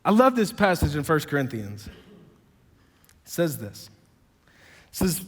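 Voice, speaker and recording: Man, pastor, high voice, sermon delivery, emphatic peaks, long church-hall reverb. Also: sing-song, a little slow, pauses often, breathy edge. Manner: preaching that builds to loud, emphatic, high-pitched peaks; quotes dialogue in conversational voices, self-described sarcastic.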